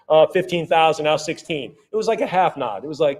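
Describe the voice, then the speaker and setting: A man working as an auctioneer at a live sale, rattling off rising bids in quick repeated calls and breaking off for friendly asides about the items. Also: a little high. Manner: rapid repetitive bid calling with chatty asides.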